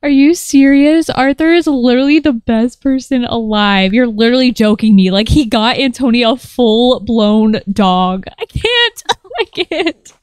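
A woman's voice: on the high side, lively intonation, measured pace, smooth, no echo. A young woman giving casual, gushing commentary over a life-simulation game, laughing often. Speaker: Sims gameplay commentator.

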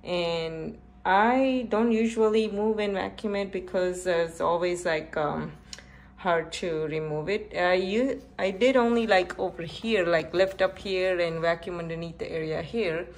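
A middle-aged woman casually narrating a home repair vlog, rambling with many fillers and out of breath from the effort. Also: lowish voice. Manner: rambling, halting, with frequent fillers. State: out of breath from pulling. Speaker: home vlogger.

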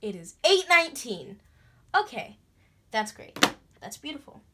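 A young woman chatting through a craft tutorial in a bubbly, excitable way, breaking into gasps and squeals. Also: a little high, moderate pace, very noisy. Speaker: craft vlogger. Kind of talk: casual DIY tutorial chat.

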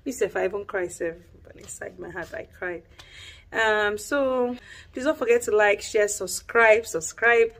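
A woman's voice: medium pitch, unhurried, fairly bright tone. A woman with a Nigerian accent, a mother chatting casually in a home vlog, soothing and coaxing. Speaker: family vlogger, mother.

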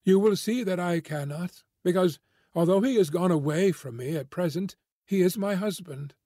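Earnest young farm girl, a guy voicing her, soft and pleading, higher voice. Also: normal speed, no echo, clean studio sound. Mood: dignified.

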